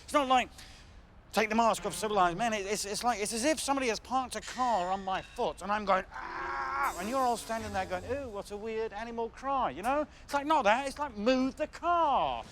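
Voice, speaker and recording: A middle-aged man telling a rambling, animated story as an open mic performer. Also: sits high, fast, background noise. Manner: rambling, animated, acts out shouting strangers. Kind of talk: stand-up storytelling monologue.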